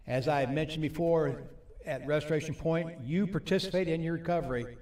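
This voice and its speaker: A man preaching a sermon at a recovery ministry. He reads scripture slowly and asks the audience questions. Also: on the high side, darkish tone. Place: meeting hall with a live audience. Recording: echoey hall, mic from a distance.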